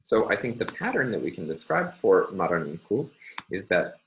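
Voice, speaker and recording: A man's voice: low voice, very animated, moderate pace, fairly bright tone, slight background noise, poor audio. A man giving a recorded university phonology lecture, explaining step by step with frequent ums and uhs.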